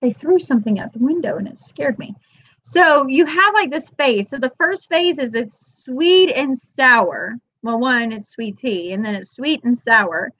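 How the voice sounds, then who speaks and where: A woman's voice: high voice, fairly bright tone, no echo. A woman hosting a casual weekly chat for moms, telling stories and acting out her friend's lines. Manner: chatty storyteller who acts out friends' lines in quotes; addresses viewers as "girl". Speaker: host of a weekly moms' chat. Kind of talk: casual live chat to viewers. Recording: dull, dry lo-fi webcam audio.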